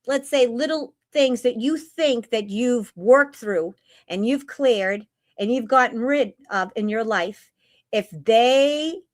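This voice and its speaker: A woman hosting a live-stream spiritual talk, earnest, repeating phrases and checking in with "right?" and "okay?". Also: on the high side. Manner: reads slow guidance lines, then talks freely.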